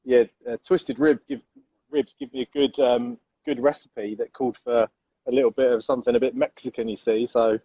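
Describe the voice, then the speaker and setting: A man's voice: medium pitch, animated, vocal fry, dark tone, breathy edge, no room sound, lo-fi sound. A young man co-hosting a casual live show, enthusiastic and calling his partner mate. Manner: enthusiastic, rapid, says mate often. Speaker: co-host.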